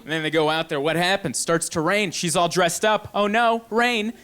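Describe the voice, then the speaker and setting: A male stand-up comedian on a club stage, acting out loud arguments with his partner. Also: a little high, a little fast. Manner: animated, acts out shouting arguments with his partner. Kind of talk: stand-up routine. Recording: loud crowd and noise. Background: audience laughter.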